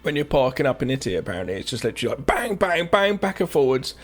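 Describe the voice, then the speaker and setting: A man's voice: mid-range voice, rapid-fire. A man co-hosting a podcast, recapping a film in casual chat and acting out the characters' lines as he goes. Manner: animated, acts out characters' lines mid-recap. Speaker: podcast co-host.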